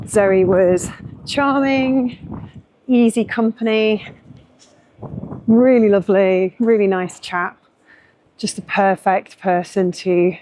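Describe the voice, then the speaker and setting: A woman's voice: medium pitch, darkish tone, a little hiss or hum. A middle-aged woman, a journalist chatting casually to camera in a vlog, self-deprecating and full of ums. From northern England. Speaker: journalist and vlogger.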